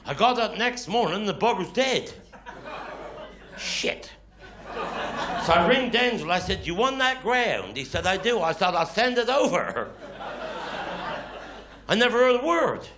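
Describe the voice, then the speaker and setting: A Cornish man does live stand-up on stage before an audience, spinning dialect stories full of grumbling quoted voices. His high voice swings widely in pitch at a measured pace with long pauses, over a noisy background of audience laughter.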